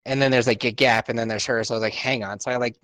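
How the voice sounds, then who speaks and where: A man's voice: mid-range voice, steady tone, very fast, a bit bright, no room sound. A young man co-hosting a podcast, telling a story in casual, profane chat and laughing often. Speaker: podcast co-host.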